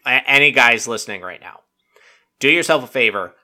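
A podcast host recaps a reality dating show in a medium-pitched, fairly quick voice. His chat is casual and rambling, packed with swearing and "like," and he tells the story animatedly with mock quotes.

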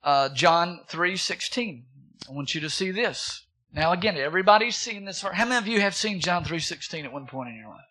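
A man's voice: high voice, animated, brisk, bright, forceful tone, husky. A man in his thirties preaching a sermon, asking the congregation questions and repeating words for emphasis. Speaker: pastor.

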